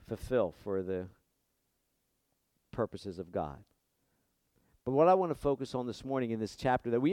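A man preaching a sermon, impassioned, dropping soft and then rising loud and high when he voices prayers. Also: smooth, dry recording, studio quality.

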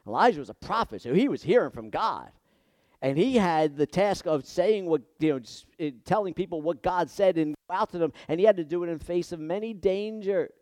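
A passionate male preacher with a slightly raised pitch, delivering a sermon close to the mic in a dry, dead-sounding space. He drops to near-hushed tones, then builds to loud, emphatic peaks. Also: lively intonation, fairly quick, no room sound. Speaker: pastor.

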